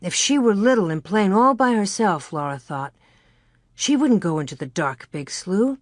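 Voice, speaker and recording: Reading scripted narration for an audiobook, this female narrator keeps a measured yet expressive delivery. She speaks in a mid-range voice, captured cleanly in a studio with no audible room.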